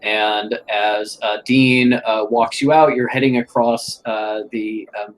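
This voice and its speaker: Slow, hesitant male game master. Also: lowish voice, fairly even intonation, rough recording. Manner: slow, hesitant, many fillers. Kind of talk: narrating a tabletop game.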